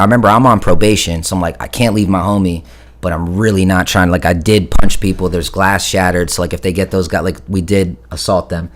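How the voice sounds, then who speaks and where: A man in his thirties casually telling a long story, profane and rambling, often stopping to correct himself. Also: low voice.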